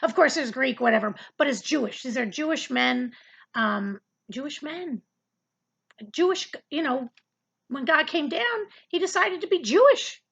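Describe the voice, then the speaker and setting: A woman's voice: high-pitched, expressive, a little slow, gravelly, a bit bright, breathy edge, muffled recording. A woman giving a casual, earnest Bible study lesson, talking conversationally and often repeating words as she searches for the next thought. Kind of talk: casual Bible teaching to camera.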